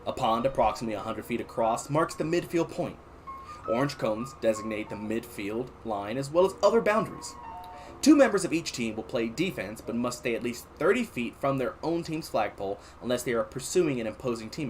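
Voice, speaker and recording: A man streaming casually, reading an interactive story aloud and chatting to his viewers in an animated way. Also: medium pitch, fairly quick, faint music behind. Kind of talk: casual livestream read-aloud.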